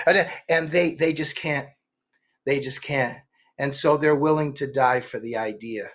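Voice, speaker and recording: A middle-aged man, an author interviewed as a guest, telling animated stories with many quick restarts. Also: mid-range voice. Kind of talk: political interview.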